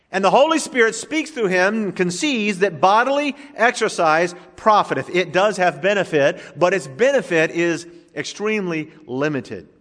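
A man's voice: a little high, a bit bright. A male pastor preaching a sermon in a conversational, joking way, in a church sanctuary. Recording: long reverb of a large hall.

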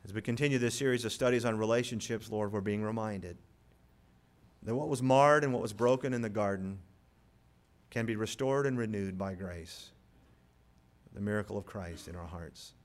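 A man preaching a sermon as pastor, moving from quiet storytelling to loud, rising appeals. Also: lowish voice, moderate pace.

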